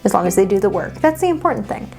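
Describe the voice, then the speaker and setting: A woman talking straight to her viewers in a loose reaction vlog, mid-pitched and animated, with teasing asides and the odd swear word. Soft music runs faintly behind her. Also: rapid-fire, creaky. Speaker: witchcraft content creator. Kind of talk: casual reaction commentary.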